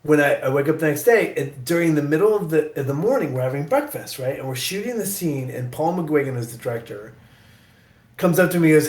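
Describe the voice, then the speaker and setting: A man from the American Midwest telling a rambling, self-deprecating story in casual chat, getting animated when he quotes himself. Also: mid-range voice, a little fast, roomy sound. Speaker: guest actor.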